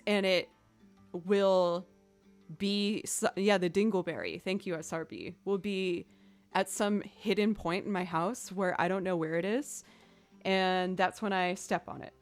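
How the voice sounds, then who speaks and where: A woman streamer chatting casually and telling a story in an animated, playful way. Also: on the low side. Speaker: musician streamer. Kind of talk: casual chat.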